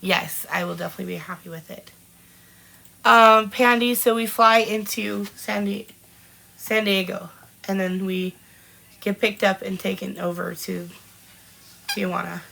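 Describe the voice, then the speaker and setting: A woman in her forties from Washington State hosts a live-streamed podcast, chatting casually, reading out live comments, greeting viewers by name and laughing often. Her medium-pitched voice is steady, unhurried, pushed and bright, with vocal fry and frequent pauses. The audio is poor, with slight background noise.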